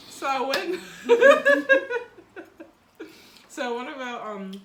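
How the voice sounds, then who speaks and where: A Fijian woman telling a story in casual chat over a meal, animated and laughing, with lots of fillers. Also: sits high. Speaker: co-host. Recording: echoey room with background noise. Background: clinking cutlery and dishes.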